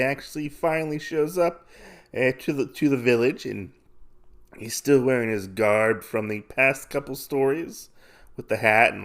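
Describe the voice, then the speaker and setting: A man hosting a podcast, recapping a comic casually with rambling, halting asides. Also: mid-range voice. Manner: rambling, lots of fillers and restarts. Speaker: podcast host.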